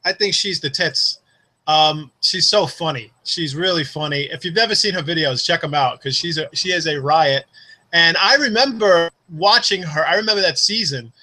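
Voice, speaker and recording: A man with a bright, tense, somewhat high voice co-hosts a casual chat. He jokes a lot and talks in an animated, playfully dramatic way. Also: moderate pace, low-quality recording. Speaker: co-host.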